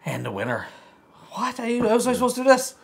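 A man's voice: extremely high pitch, wildly swooping pitch, fast talker, vocal fry. An Australian man co-hosting a live stream, chatting casually, laughing often and thanking viewers. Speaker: livestream co-host.

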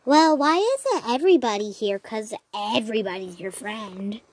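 Woman doing shy doll girl, high voice, hesitant, lots of ums. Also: expressive, normal speed. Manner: hesitant, starts lines with "um". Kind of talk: doll play role-play.

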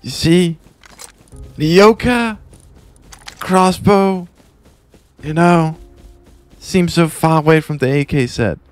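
A man putting on the voice of an earnest motivational speaker, loud and dramatic as he pushes through a mock inspirational speech. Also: fairly high pitch, slow pace, long pauses, clear, resonant tone, faint music behind. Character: earnest male motivational speaker, grand and uplifting.

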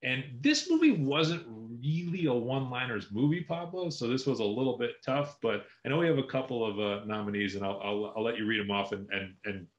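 A man's voice: mid-range voice, expressive, fairly quick, few pauses, reverberant, lo-fi sound. A man co-hosting a film podcast, giving long, enthusiastic explanations in casual chat.

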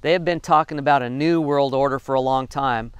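A man gives a sermon, reading verses aloud and then unpacking them in plain, easygoing talk. His voice is smooth and clear at an ordinary pitch, and the sound is dry and close, with no room echo. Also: a little fast. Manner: reads scripture aloud then explains it conversationally; folksy and informal, with fillers. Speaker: preacher. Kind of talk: Bible reading and sermon commentary.

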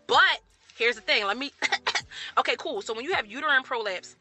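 A woman nurse with a high, bright, forceful voice tells a story to camera. She talks casually and colloquially, and she fires off rapid rhetorical questions. Faint music plays behind her. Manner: animated, colloquial, jumps into loud acted reactions.

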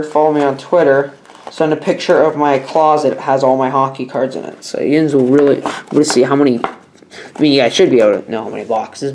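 A man's voice: fairly high pitch, a little mellow, slight background noise. A young man chatting casually in his own vlog, rambling and emphatic in his opinions. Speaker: vlogger.

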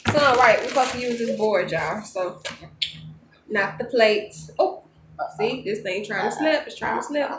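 A woman chats loosely to her viewers, calling them y'all and laughing often. Her voice sits fairly high. The room is echoey, with a faint hiss under it. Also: animated, unhurried. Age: 30s. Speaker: vlogger. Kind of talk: casual vlog chat. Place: home kitchen at night.

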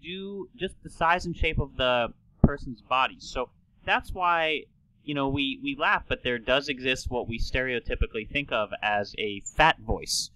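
A man co-hosting a podcast, a doctor explaining things in a measured, lightly joking way. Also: medium pitch, pushed and bright, no room sound, poor audio. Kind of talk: casual podcast chat.

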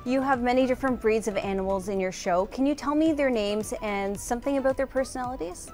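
A woman's voice: on the high side, fast talker, darkish tone, soft background music. A woman hosting an interview show, reading a polished introduction and prepared questions. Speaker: talk show host.

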